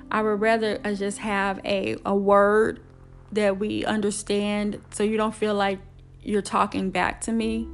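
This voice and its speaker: A middle-aged single mother speaking candidly and emphatically about her parenting rules, in casual talk. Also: medium pitch. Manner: candid, emphatic, acts out quotes in a raised voice.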